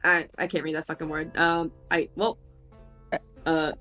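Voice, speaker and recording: A woman in a casual tabletop game session who laughs often and drifts off mid-sentence. She swears freely and keeps an easy, rambling tone. Faint music plays quietly behind her. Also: low-pitched, little pitch movement, unhurried. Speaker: player.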